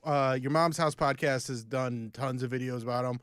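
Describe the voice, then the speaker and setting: Animated comedian host, dry close mic. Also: male voice, medium pitch, moderate pace, clear, resonant tone, no echo. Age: 40s. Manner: animated storytelling, mocking voices. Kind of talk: casual podcast banter.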